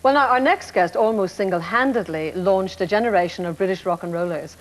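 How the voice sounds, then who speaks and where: A woman's voice: mid-range voice, a little fast, rough recording. A woman hosting a television talk show, introducing guests and asking questions. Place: TV studio.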